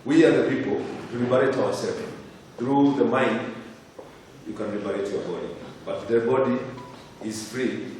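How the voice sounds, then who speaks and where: A man's voice: medium pitch, normal speed, a little mellow, a little hiss or hum. Impassioned man chanting from far off. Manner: rhythmic, impassioned chanting recitation. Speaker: Rastafari elder reciting a poem. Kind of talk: spoken word poetry and chanting at a gathering. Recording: echoey hall from far off.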